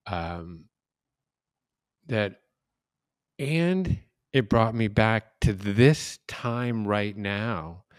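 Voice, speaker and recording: A man in his fifties hosting a podcast interview, telling reflective stories in a casual, unhurried way. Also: on the low side, animated, dry recording, clean studio sound. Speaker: podcast host.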